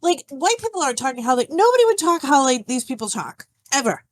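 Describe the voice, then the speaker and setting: A woman in casual podcast chat, blunt and halting and leaning heavily on filler. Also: high-pitched, very animated.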